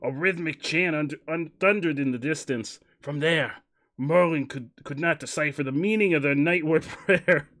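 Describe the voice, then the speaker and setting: A man's voice: on the high side, moderate pace, fairly bright tone, close to an everyday voice. A man putting on a hammy Australian reader. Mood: mock-dramatic. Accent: put-on Australian. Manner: mock-dramatic reading, keeps breaking into laughs. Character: hammy Australian man reading a fantasy novel aloud. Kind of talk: comic dramatic reading.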